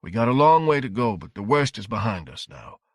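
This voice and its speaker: A man voicing a calm, kindly older man in an audiobook, speaking slowly and reassuringly. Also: on the low side, no echo, studio quality. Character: steady, kindly older male cook.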